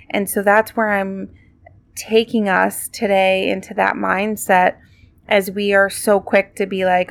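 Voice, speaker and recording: Slow, gravelly-voiced woman musing. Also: mid-range voice, no echo. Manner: conversational and reflective, many fillers like "like" and "um". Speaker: podcast host. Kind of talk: casual devotional talk.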